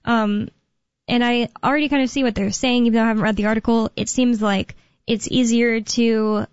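A fairly high-voiced woman hosts a talk radio show, rambling on with plenty of fillers and restarts. The sound is dry and dull, like lo-fi radio. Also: steady tone, brisk, smooth, no room sound. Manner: chatty, rambling, many fillers. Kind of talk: casual talk radio chat.

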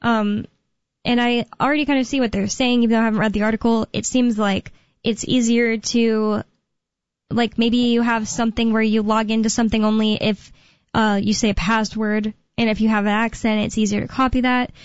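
A woman's voice: fairly high pitch, flat delivery, fairly quick, clear, resonant tone, no room sound. A woman hosting a talk radio show, chatting casually and rambling with fillers and laughs. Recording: dull, dry studio sound.

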